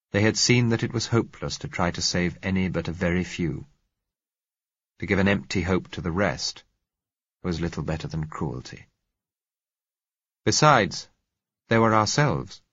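Deep, husky man narrating a novel. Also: no room sound, lo-fi sound. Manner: measured, reflective, rising in heated dialogue. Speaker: audiobook narrator. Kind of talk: first-person novel narration.

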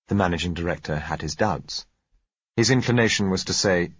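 A man reading a story aloud in a dry, even narrating manner. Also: rumbling low, fairly quick, breathy edge, dry recording. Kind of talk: scripted narration. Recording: dull, dry lo-fi recording.

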